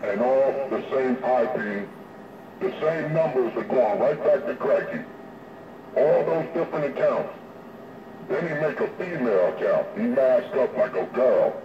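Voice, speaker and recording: A man guest ranting mockingly about someone. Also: medium pitch. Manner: mocking, quick rant. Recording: echoey, muffled line with loud noise.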